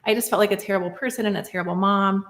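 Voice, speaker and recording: A woman's voice: mid-range voice, steady tone, very fast, a bit bright, roomy sound. A woman in her thirties, a podcast guest talking through a personal story in a reflective, casual way, often saying "like" and "right?". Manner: reflective, many fillers like "like" and "right?".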